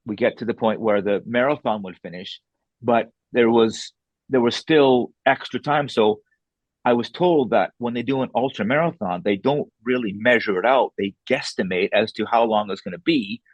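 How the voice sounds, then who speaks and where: This fairly low-pitched man speaks at a normal pace on a dull-sounding recording with no echo. He's an author guesting on a podcast, relaying a story casually and animatedly while re-enacting dialogue in blunt, salty terms.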